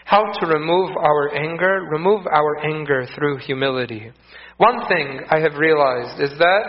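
A man's voice: fairly high pitch, unhurried. A man preaching a sermon, earnest and repeating phrases for emphasis. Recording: echoey, dull lo-fi room sound.

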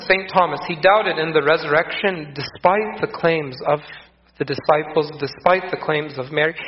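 A man preaching a sermon, earnest and repeating phrases for emphasis. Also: fairly high pitch. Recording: echoey, dull lo-fi room sound.

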